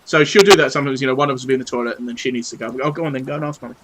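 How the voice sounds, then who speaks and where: A man's voice: medium pitch, fairly even intonation, rapid-fire, a bit bright, slight background noise, rough recording. A British man in his thirties chatting cheekily and swearing playfully while painting on a live stream at his home desk. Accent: British English. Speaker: livestreamer painting models.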